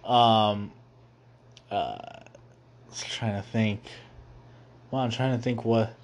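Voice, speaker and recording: A man's voice: lowish voice, fairly even intonation, slight background noise. A young man hosting a movie review show, rambling casually with many fillers and restarts, laughing as he quotes scenes. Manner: laughs easily, quotes scenes in quick put-on voices.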